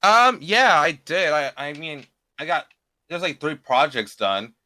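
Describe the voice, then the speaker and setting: A man's voice: a little high, animated, sharp tone, no echo. A young man in his late teens, a beginner voice actor, talking casually as an interview guest and often restarting his sentences. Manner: halting, repeats and restarts words.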